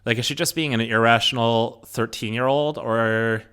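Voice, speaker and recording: A man's voice: medium pitch, steady tone, moderate pace, sharp tone, clean tone. A man teaching a lesson, walking students through a play. He talks in a chatty way, with lots of fillers and asides, and records into a microphone. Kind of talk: recorded class lesson, reading a play aloud.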